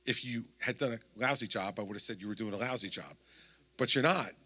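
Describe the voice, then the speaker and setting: Storytelling New Jersey man, bright voice. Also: on the low side, brisk, breathy edge. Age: 60s. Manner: storytelling, acts out quoted dialogue. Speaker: politician at a town hall. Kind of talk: anecdotal campaign speech.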